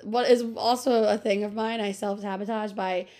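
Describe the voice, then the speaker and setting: A woman's voice: medium pitch, steady tone, normal speed, a little mellow. A young woman in her twenties co-hosting a podcast, telling a story in casual chat, full of filler words and laughing often. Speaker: podcast co-host.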